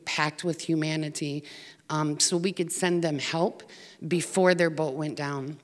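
An American woman tells her story in an earnest, halting way, with ums scattered through. Her voice sits a little low, and a long hall reverb trails after her words. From United States. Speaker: speaker telling of volunteer work. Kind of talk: personal story talk.

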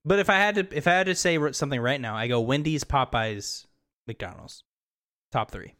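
A man co-hosting a casual podcast chat, animated and joking, who swears freely and sometimes shouts for laughs. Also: mid-range voice, a little fast. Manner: animated, swears freely, bursts into loud jokes. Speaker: podcast co-host.

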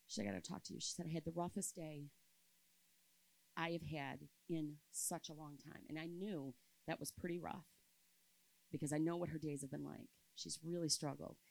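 A woman in her fifties giving a sermon at a church camp, telling a personal story and moving between loud emphasis and soft, quiet passages. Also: deep voice, steady tone, normal speed, gravelly, rough recording.

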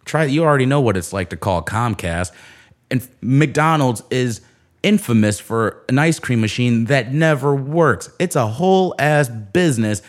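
A man's voice: mid-range voice, lively intonation, measured pace. A man telling a sarcastic, profane story in a casual rant, full of asides. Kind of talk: casual ranting monologue.

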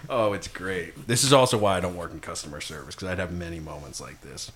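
A man's voice: deep voice, fairly quick, few pauses, a bit bright, husky. A young man hosting a casual chat, recapping a film scene by scene, swearing and laughing a lot. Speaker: podcast host.

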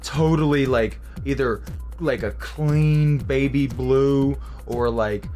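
A man's voice: medium pitch, takes it slowly, darkish tone, faint music behind. A man telling a made-up story casually and profanely, tagging lines with "right?". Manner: profane, fillers and "right?" tags.

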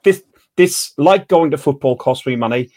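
A man's voice: fairly high pitch, expressive, moderate pace, darkish tone, no echo. Stammering chatty man hosting, dry sound. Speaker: podcast host. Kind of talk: casual podcast chat.

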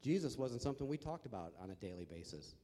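Deep mellow guy from the midwest telling his testimony, big echoey hall. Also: big pitch swings, fast. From American Midwest. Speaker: guest sharing testimony. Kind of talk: personal testimony. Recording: echoey hall with long reverb.

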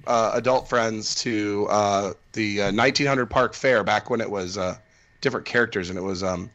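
A man's voice: mid-range voice, fairly bright tone, dull audio. A man co-hosting a casual podcast chat, rambling with lots of fillers and restarts. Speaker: podcast co-host.

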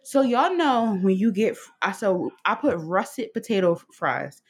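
A woman's voice: medium pitch, very animated, moderate pace, husky. A woman co-hosting a podcast in casual chat, laughing often, swearing and telling stories with energy. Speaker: podcast co-host.

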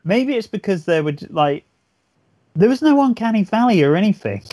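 A man's voice: high-pitched, very animated, fairly quick, darkish tone, dry recording. A man chatting casually about horror film effects on a podcast, enthusiastic and rambling, swearing often as he restarts his sentences. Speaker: podcast co-host. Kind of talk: casual film review chat.

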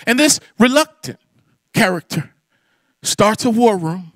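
A middle-aged man preaching a sermon, swinging from soaring shouts to hushed prayer. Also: very high voice, big pitch swings, normal speed, dry recording, clean studio sound. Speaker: pastor.

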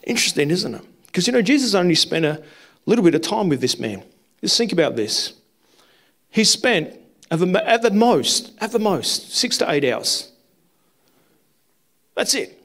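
A man's voice: high voice, very animated, normal speed, long pauses, fairly bright tone. A male pastor preaching a sermon with fervor to his congregation, repeating his points and firing off rhetorical questions. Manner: impassioned, repetitive rhetorical questions. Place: church hall with congregation.

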